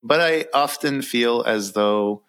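A young adult man with an American accent, reflecting earnestly in an interview with an occasional soft laugh. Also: medium pitch, takes it slowly, clear, resonant tone. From Iran. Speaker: author and guest.

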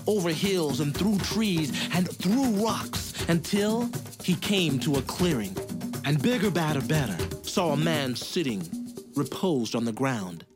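Man, storyteller, folk tale, slow, lively rises and falls, faint music. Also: on the high side. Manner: lively and rhythmic, with sound effects.

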